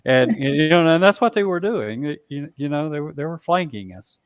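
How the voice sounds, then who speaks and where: A man telling a long story as a guest in a casual interview, halting, with frequent restarts and asides. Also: fairly high pitch, animated, clear, resonant tone, no room sound, clean studio sound. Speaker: guest, Bigfoot researcher.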